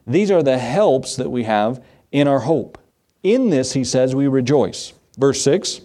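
Joking man preaching a sermon. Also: medium pitch. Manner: lively, joking preacher with animated emphasis. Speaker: pastor.

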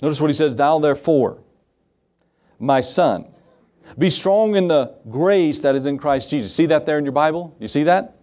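Man, pastor, sermon in church, emphatic, questions the crowd, slightly high voice. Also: moderate pace, darkish tone. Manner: emphatic, asks the congregation questions.

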